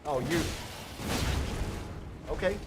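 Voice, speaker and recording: A man giving chatty live gameplay commentary as a streamer, talking straight to his viewers and breaking into excited outbursts. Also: fairly high pitch, slow, over loud music. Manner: chatty, addresses viewers directly. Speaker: gaming streamer.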